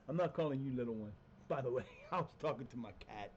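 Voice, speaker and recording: A man rambling through a live-stream session at home, his voice mellow and unhurried. He gets animated and now and then jumps into a high mock voice. The audio is a little dull and muffled, with a faint hiss behind it. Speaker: streamer playing a football management game. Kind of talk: casual live-stream chat. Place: home room with cats.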